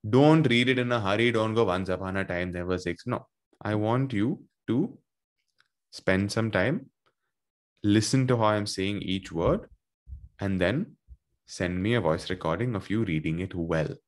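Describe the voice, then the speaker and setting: Expressive lowish-voiced teacher. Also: male voice. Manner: slow, expressive, asks questions. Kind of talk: reading a story to children.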